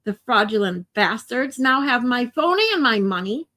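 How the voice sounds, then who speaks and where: A woman chats on her livestream with a fairly high voice. She talks to viewers directly, swears freely and wears her emotions openly. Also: animated, normal speed, sharp tone. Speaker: livestream host. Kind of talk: casual livestream chat.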